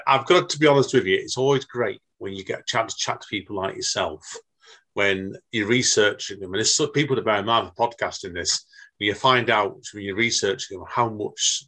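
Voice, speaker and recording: A man's voice: fairly low pitch, sharp tone. A British man hosting a podcast, friendly and rambling, calling his guest "mate". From Britain. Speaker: podcast host. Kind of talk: casual chat.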